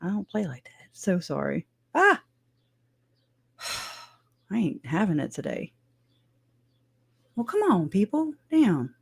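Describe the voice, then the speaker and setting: A woman's voice: mid-range voice, sing-song, slow pace, creaky, long pauses, slightly rough. A woman chatting casually as a livestream co-host, brash, swearing and laughing often.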